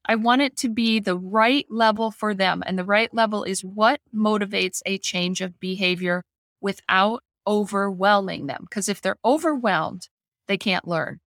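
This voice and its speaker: A woman's voice: mid-range voice, unhurried, a bit bright, no echo, clean studio sound. A middle-aged woman dog trainer in a casual podcast chat, explaining with homely analogies. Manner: explains with homely analogies, acts out family voices.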